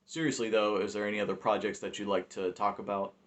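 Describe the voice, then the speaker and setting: A man hosting and directing a podcast, interviewing a guest casually with halting, filler-laden questions. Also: on the low side, steady tone.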